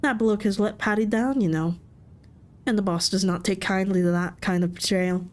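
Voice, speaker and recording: A woman's voice: medium pitch, steady tone, normal speed, lightly acted. A woman voicing a suspicious, bullying gang doorman in an attempted Irish accent. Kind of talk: game voice acting.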